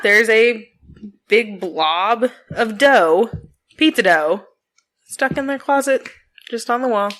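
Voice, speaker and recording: A woman in her thirties co-hosting a casual podcast, telling animated stories about her kids, swearing freely and laughing often. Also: mid-range voice, measured pace. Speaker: podcast co-host. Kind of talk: casual chat.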